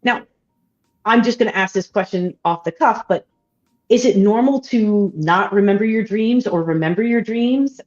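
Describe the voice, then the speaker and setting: A woman's voice: mid-range voice, moderate pace, faint music behind. A woman hosting a science livestream, asking questions and thanking the audience with enthusiasm. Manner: enthusiastic, warm interjections. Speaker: livestream host. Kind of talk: livestream interview. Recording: dull, muffled audio.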